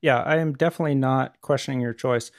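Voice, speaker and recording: A middle-aged man co-hosting a podcast in casual chat, blunt and animated, swearing offhand. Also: medium pitch, fast talker, no room sound, studio quality. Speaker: podcast co-host.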